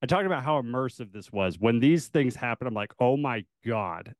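Easygoing male co-host, smooth resonant voice, dry close mic. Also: mid-range voice, animated, moderate pace, no echo. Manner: laid-back, laughs often, fills with "like". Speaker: podcast co-host. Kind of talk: casual chat.

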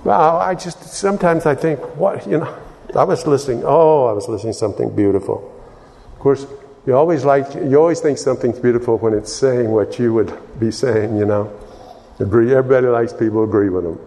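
A man's voice: medium pitch, a little fast, gravelly, mellow. Rambling male preacher in a reverberant hall. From Texas. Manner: rambling, with frequent restarts and asides. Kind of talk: sermon.

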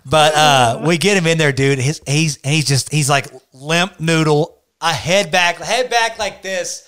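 A man co-hosting a casual chat, telling a story in a laid-back, slangy, animated way. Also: a little high, unhurried, clear, resonant tone, no echo, studio quality. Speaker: podcast co-host.

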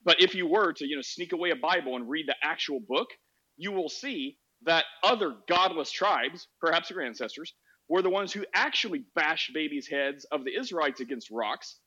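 A man's voice: fairly high pitch, animated, moderate pace, sharp tone, slightly rough, muffled recording. A man hosting a podcast, telling a story in a sarcastic, laughing, casual way on a social audio app. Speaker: podcast host.

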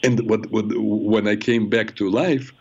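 Low-voiced earnest male radio host. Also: fairly even intonation, darkish tone, breathy edge. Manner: earnest, reflective, halting restarts. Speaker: radio show host and therapist. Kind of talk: call-in advice talk. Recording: muffled radio broadcast sound.

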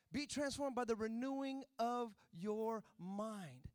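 A man preaching a sermon, telling a family story that builds into loud, emphatic preaching. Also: very high-pitched, slow, few pauses, clear, resonant tone, no echo. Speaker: pastor.

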